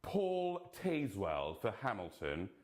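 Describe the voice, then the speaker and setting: A man announcing award nominations, reading the names deliberately and dropping playful, camp jokes between them. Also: lowish voice, huge pitch swings.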